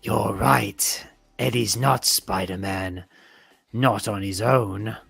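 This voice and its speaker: A man voicing a menacing alien symbiote in a hushed, breathy whisper while reading a comic aloud. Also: lowish voice, slow pace, no echo, faint music behind, exaggerated voice. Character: menacing alien symbiote, male, merged with host.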